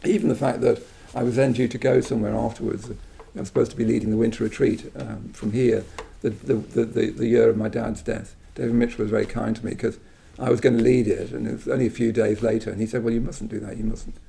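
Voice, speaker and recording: A middle-aged man from England gives a thoughtful Buddhist talk, pausing, restarting and letting asides fade to near silence. His voice has a gravelly edge and a dark, mellow warmth. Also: medium pitch, little pitch movement, a little hiss or hum. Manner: halting, many restarts and soft trailing asides. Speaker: Buddhist teacher giving a talk. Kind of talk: reflective spoken talk.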